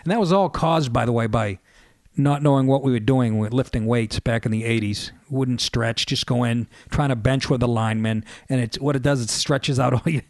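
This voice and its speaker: A man's voice: mid-range voice, normal speed, no room sound. A man, a radio host telling stories in a casual, profane monologue and chuckling mid-sentence. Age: 50s.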